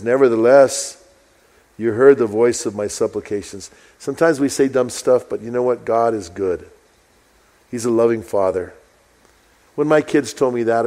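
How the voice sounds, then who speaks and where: A middle-aged man preaching a sermon in an easygoing, conversational way. When he reads scripture he slows down and stresses every phrase, then drops back into plain talk. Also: medium pitch, darkish tone. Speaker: pastor. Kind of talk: sermon reading and explaining a psalm.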